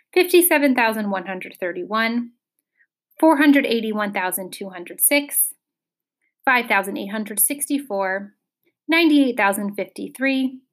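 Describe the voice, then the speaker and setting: A woman reading a children's novel aloud, giving the characters expressive voices. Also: mid-range voice. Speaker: audiobook reader. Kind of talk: storybook reading.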